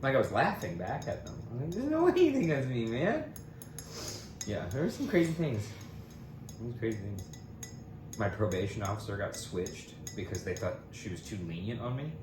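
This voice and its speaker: A man tells a story on a casual podcast, animated and laughing, acting out every voice he quotes. His pitch swings widely as he goes. The sound is roomy and echoey, with clear background noise. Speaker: podcast co-host.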